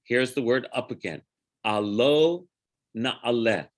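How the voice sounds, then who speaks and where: Unhurried man teaching a Torah class. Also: medium pitch, expressive. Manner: unhurried, digressive, pauses to chant Hebrew phrases and correct himself. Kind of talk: informal Torah study class.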